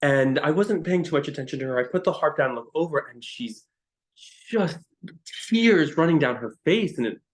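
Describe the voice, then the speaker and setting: A man, a harp teacher and musician, telling stories as a guest in a podcast interview, emotional and halting with frequent restarts. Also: on the high side, animated. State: choked up.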